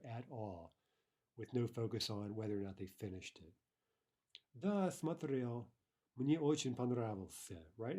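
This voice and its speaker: A man with a low, mellow, slightly husky voice teaches a recorded grammar lesson. He explains each point patiently and slows down deliberately whenever he reads out an example sentence. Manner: explanatory, slows to read Russian examples aloud. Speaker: Russian language teacher.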